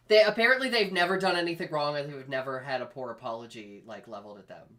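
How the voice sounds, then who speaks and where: Co-host, woman, deep-pitched, relaxed and reflective in casual talk. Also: fast talker, crowd noise. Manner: thoughtful, calls people "girl," laughs easily. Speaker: podcast co-host. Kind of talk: comedic casual chat.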